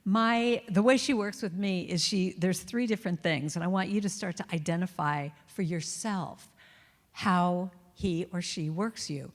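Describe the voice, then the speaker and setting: A woman's voice: lowish voice, unhurried, big-room sound. A woman giving a chatty, playful inspirational talk at a spiritual center, laughing now and then. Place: church hall.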